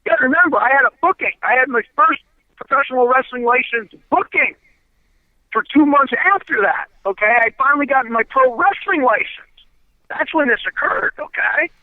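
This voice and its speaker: A very high-pitched, expressive male voice at a moderate pace belongs to a former pro wrestler telling stories bluntly, profanely and emphatically. He's a guest in a casual storytelling interview over a tinny, dry phone line.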